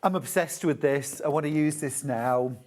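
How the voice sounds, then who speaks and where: A man's voice: fairly high pitch, normal speed, a little mellow. A man presenting a live shopping channel show, chatty and gushing as he demonstrates fabrics. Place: TV shopping studio.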